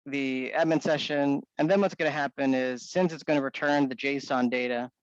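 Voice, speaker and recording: A man walking through a software demo in a casual, think-aloud manner with frequent restarts. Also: mid-range voice, fairly even intonation, moderate pace, no room sound, lo-fi sound. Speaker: software developer demonstrating. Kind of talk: screen-share walkthrough.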